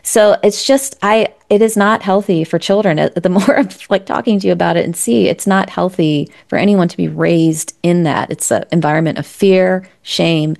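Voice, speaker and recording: A woman's voice: lowish voice, moderate pace, gravelly, few pauses, a little mellow. A woman speaking as an interview guest, telling her story in a candid, earnest and reflective way, often restarting her sentences.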